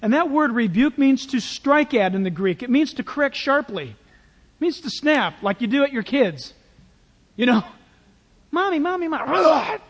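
A male pastor preaching a sermon in a church, in a conversational, animated way with playful asides. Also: very high voice, normal speed, big-room sound.

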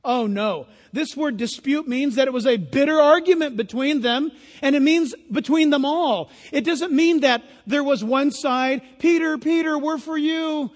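A man preaching a sermon in a lively, conversational way. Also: extremely high pitch, normal speed. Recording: long hall reverb.

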